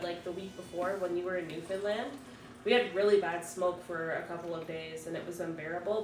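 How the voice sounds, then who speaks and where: A woman's voice: fairly low pitch, background noise. A woman in her thirties from Ontario, hosting a casual livestream chat, swearing freely and reading out viewer comments. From Ontario, Canada. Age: 30s. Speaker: livestream host. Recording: roomy room, distant mic, music behind.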